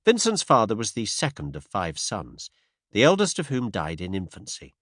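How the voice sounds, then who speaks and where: Man, audiobook narrator, lively pitch, measured delivery, dry close mic. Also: no echo. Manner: measured, expressive storytelling. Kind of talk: scripted narration.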